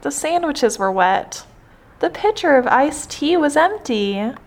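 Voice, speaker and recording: Woman reading a storybook aloud. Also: sits high. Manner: slow, expressive.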